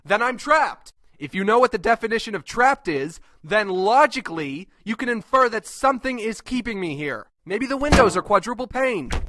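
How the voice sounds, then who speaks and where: A man's voice: extremely high pitch, noisy background. A man voicing a crude, short-tempered cartoon host who mocks everyone in an abrasive tone. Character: foul-mouthed, contemptuous cartoon man host. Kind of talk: comedic web cartoon voice acting.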